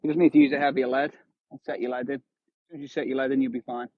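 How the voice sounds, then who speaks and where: A fishing livestreamer in his thirties talks very fast to his viewers from a windy shore, his medium-pitched voice staying level. The phone picks him up tinny and dry, with no room sound.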